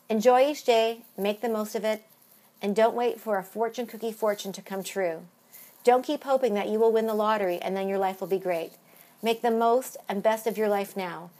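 A woman's voice: mid-range voice, a little mellow. A woman vlogger speaking in a casual, earnest way, with an upbeat tone. She sounds like she is closing out a comedy video.

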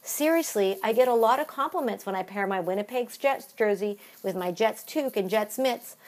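A woman's voice: medium pitch, moderate pace, a little mellow, natural voice. A woman voicing a chirpy, hockey-loving woman, speaking in a folksy way. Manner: folksy, peppered with eh and you betcha.

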